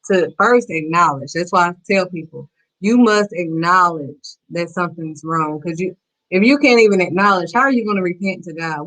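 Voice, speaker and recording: A woman's voice: fairly low pitch, a bit bright, low-quality recording. A woman hosting a faith-based talk show, giving blunt, emphatic, preachy advice. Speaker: host.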